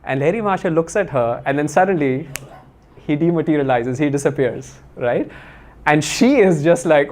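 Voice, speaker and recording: A man's voice: a little high, moderate pace, darkish tone. A man giving a spiritual talk, telling stories in a conversational way with many fillers and restarts.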